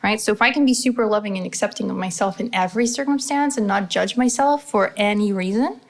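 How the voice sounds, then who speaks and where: A woman's voice: mid-range voice, fast talker. A woman hosting her own podcast, talking energetically in a casual motivational monologue, swearing freely and acting out little inner voices. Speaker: podcast host.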